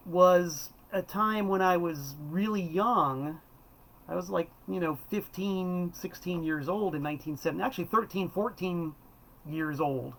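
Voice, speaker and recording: An enthusiastic man in his fifties, from South Florida, talks through records in a loose, wandering monologue. His voice sits a little high for a man, and he often stops to correct himself. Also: vocal fry, fairly bright tone, low-quality recording. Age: 50s. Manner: rambling and enthusiastic, self-correcting. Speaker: host. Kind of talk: casual monologue about records.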